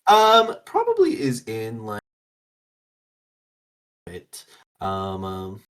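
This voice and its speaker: A man's voice: on the low side, wildly swooping pitch, very slow, a bit bright. A man playing a tabletop game, rambling and hesitating with ums. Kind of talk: role-play table chat.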